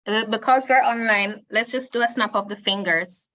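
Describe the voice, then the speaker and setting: A woman's voice: on the high side, fairly even intonation, normal speed, bright, forceful tone. A woman with a Jamaican accent teaching an online Spanish lesson over a video call, patiently repeating words for her students.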